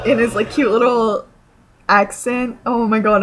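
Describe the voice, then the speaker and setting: A woman from Canada telling a story to her camera in an excited, rambling way, full of fillers and restarts. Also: on the high side, a little slow, rough recording. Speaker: vlogger.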